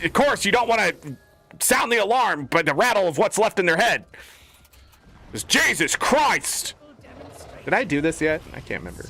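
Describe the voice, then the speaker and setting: Streamer, male: high, animated, swearing rant, exasperated. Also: dry recording. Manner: profane, exasperated ranting. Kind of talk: ranting stream commentary.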